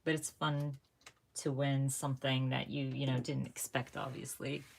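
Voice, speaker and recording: A chatty woman hosts a live craft stream from home, talking to viewers as she works. Her voice sits low, but it jumps up when she gets excited, and she laughs often. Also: moderate pace, gravelly. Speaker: craft channel host. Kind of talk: casual live-stream chat while crafting.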